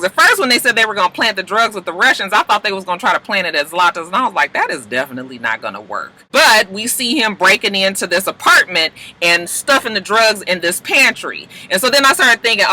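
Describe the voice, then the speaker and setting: A man casually recapping a TV episode, acting out the characters' lines in high put-on voices. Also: sharp tone, low-quality recording.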